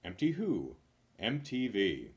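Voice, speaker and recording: A man reading knock-knock jokes one after another, loud on the punchlines and mumbling his asides. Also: lowish voice, wildly swooping pitch, takes it slowly. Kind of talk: rapid-fire joke reading.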